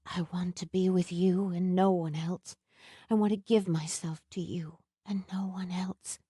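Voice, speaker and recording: Audiobook heroine: a woman playing a young woman in love, soft, breathy, close and dry. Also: medium pitch, lively intonation, a little slow, dry recording. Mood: tender.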